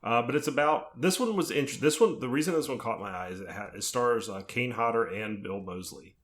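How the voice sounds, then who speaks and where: A man co-hosting a horror podcast, walking through film plots in a steady, casual chat. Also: mid-range voice, fairly quick. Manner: steady, methodical plot summaries. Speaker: podcast co-host.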